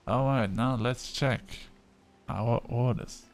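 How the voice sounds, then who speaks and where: A man's voice: medium pitch, normal speed, soft background music. Chatty man narrating a video game. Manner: chatty, reading game dialogue aloud. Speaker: gaming video creator. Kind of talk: casual let's-play commentary.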